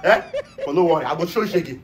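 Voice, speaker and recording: A man with a Nigerian accent playing a boastful, hot-tempered hired trumpeter in a comedy skit, loud and quarrelsome. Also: a little high, lively intonation, quick pace, noisy background, close to an everyday voice. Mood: threatening. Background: music.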